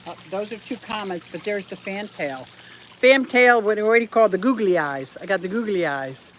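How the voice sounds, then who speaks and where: A woman's voice: medium pitch, animated, normal speed. Woman, casual vlog, chatty and giggly, handheld camera, faint outdoor noise. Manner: chatty, giggly, talks to her pets and viewers. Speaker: fish keeping channel host. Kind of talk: casual home tour vlog. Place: walking around a house and front yard.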